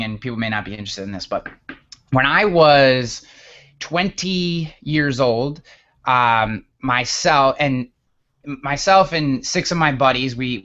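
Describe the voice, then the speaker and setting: A man in his thirties from upstate New York, telling a story as a guest in a casual interview, animated and often restarting his words. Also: mid-range voice, muffled recording. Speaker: guest author.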